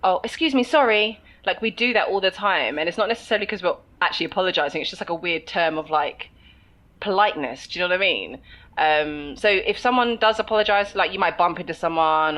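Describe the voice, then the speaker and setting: A woman's voice: lowish voice, fast talker, a bit bright. A woman with a London accent co-hosting a podcast, chatting casually and laughing often. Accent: London English. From England. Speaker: podcast co-host. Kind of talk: casual chat.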